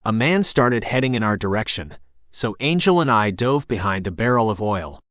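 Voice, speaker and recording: A man narrating a first-person novel as an audiobook in a steady storytelling voice. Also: lowish voice, moderate pace, no echo, studio quality.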